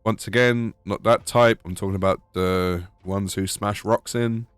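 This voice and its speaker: A British man with a lowish voice narrates a gaming video in a dry, sarcastic way. Soft music plays underneath. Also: steady tone, unhurried. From United Kingdom. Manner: wry, sarcastic. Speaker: gaming YouTuber. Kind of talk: scripted gaming voice-over. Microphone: voice-over.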